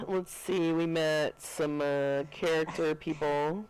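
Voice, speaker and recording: A man's voice: fairly high pitch, fairly even intonation, slow, a little mellow, smooth, rough recording. A man co-hosting a podcast, chatting casually and telling laid-back stories full of swearing. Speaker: podcast co-host. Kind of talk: casual chat.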